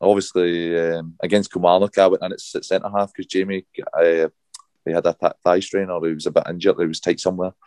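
A man's voice: low voice, level tone, brisk, darkish tone, clean tone, dry recording. A man answering interview questions as a footballer, hesitant with many fillers. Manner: hesitant, many fillers, keeps saying obviously. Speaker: guest footballer.

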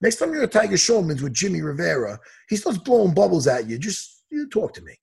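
Male fight coach, podcast regular. Gravelly, high-pitched voice, profane ranter. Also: huge pitch swings, a little fast, darkish tone. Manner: profane, heated ranting. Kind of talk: casual chat.

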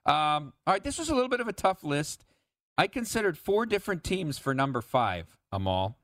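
A man hosting a sports betting show, talking in a relaxed, conversational way with occasional stammers. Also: fairly high pitch, moderate pace, no room sound, studio quality. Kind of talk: casual sports betting chat.

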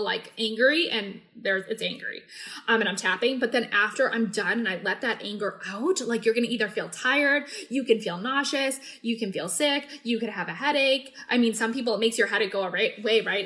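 A woman's voice: a little high, fairly bright tone. A woman, casually teaching emotional tapping on a live video, rambling with lots of likes and ums, acting out her own venting as she demonstrates. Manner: chatty, rambling, self-interrupting with likes and ums. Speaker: EFT tapping coach.

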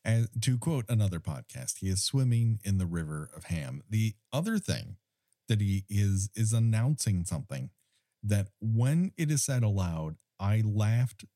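A man's voice: lowish voice, sing-song, a little slow, mellow, no room sound, clean studio sound. A man co-hosting a podcast in casual chat, ranting with wry, mock-indignant humor. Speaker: podcast co-host.

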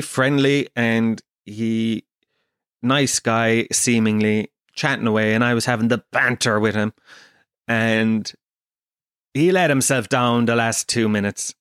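A man's voice: medium pitch, clean tone, no room sound, studio quality. Swearing Irish man telling stories. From Ireland. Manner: animated storytelling, swears a lot, acts out quotes. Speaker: podcast host. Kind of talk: casual comedic monologue.

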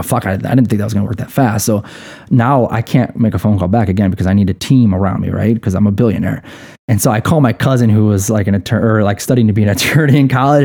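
Low, mellow-voiced man telling a story. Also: creaky. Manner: profane, laughing, animated storyteller. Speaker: podcast guest, coffee company co-founder. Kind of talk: casual storytelling chat.

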